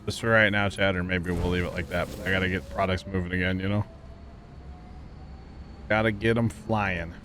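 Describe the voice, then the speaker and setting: Man, lowish voice, casual game streamer, rambling, chatty, faint background hum. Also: steady tone, moderate pace, long pauses. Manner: chatty, rambling, thanks viewers and laughs easily. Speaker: livestreamer. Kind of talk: casual gaming livestream chat.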